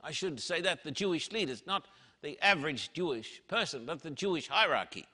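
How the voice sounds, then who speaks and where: Male preacher, bright slightly high voice, slow emphatic sermon delivery, long hall reverb. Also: expressive, breathy edge.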